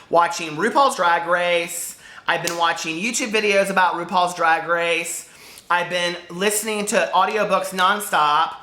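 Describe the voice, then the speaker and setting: A man's voice: sits high, pushed and bright, roomy sound. A man chatting casually to camera as a book vlogger, rambling and jumping between topics.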